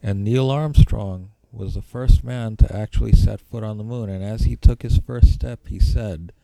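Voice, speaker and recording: A man's voice: on the low side, normal speed, creaky, dark tone, no echo, rough recording. A man giving an informal spoken history lecture, rambling and repeating key points for emphasis.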